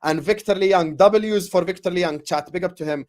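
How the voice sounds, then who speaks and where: A man hosting a fan livestream in an animated, fired-up rant, his voice sitting a little higher than most men's. He talks passionately to his chat and stumbles over repeated words when he gets going. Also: brisk. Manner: passionate, fired-up, shouting out viewers. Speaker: football fan channel host.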